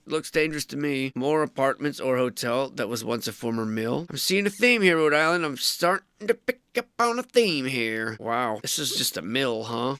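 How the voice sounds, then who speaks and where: A young man talking in a casual, jokey way, with lots of "dude" and "bro" and frequent laughter. His voice is bright and gravelly, with a clear, smooth tone. It sounds dry and close to the mic. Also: medium pitch, no echo. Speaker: host. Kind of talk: casual commentary.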